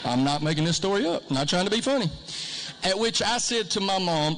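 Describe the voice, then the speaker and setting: A man's voice: high voice, expressive, a little fast, fairly bright tone. Folksy man speaking in an echoing hall. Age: late 40s or 50s. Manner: repetitive, folksy, joking asides. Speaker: school district speaker. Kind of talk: motivational speech. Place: large hall with audience. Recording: long hall reverb.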